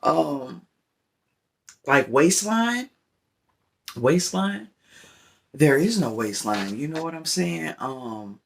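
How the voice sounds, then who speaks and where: A man's voice: gravelly, fairly bright tone. A man talks in a casual vlog, rambling and often checking in with the listener. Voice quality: deep voice. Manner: rambling, repeats "you know what I'm saying". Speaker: vlogger. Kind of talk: casual opinion talk while smoking.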